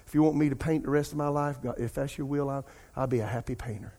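A middle-aged man, a pastor preaching a sermon and telling a personal story in an animated way. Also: medium pitch, fast. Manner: animated storytelling, addresses congregation as "y'all".

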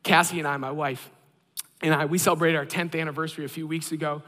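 A man in his thirties preaching a sermon, an animated and self-deprecating storyteller. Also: fairly high pitch, fast talker, long reverb tail. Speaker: pastor.

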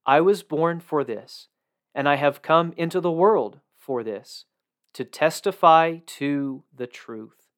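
A man voicing a calm male prisoner who answers slowly and earnestly during a scripture reading. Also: fairly high pitch. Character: calm male prisoner speaking of his kingdom.

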